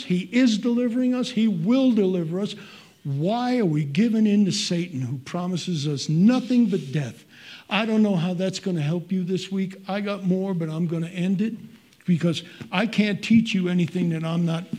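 Older man preaching, husky voice. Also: high-pitched, mellow. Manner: earnest, conversational, folksy asides. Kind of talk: sermon.

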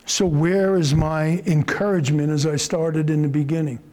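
A middle-aged man preaching with fervor, his voice sitting high for a man. He drives points home with force, then eases into slow, soft asides. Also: steady tone, poor audio. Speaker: pastor. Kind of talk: sermon.

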